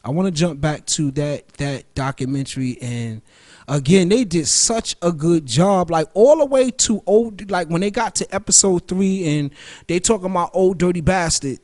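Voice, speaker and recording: High-voiced man ranting profanely on radio. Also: normal speed, a little mellow. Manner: loose, profane, rambling street talk; jumps between topics. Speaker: radio show host. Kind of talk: casual solo monologue.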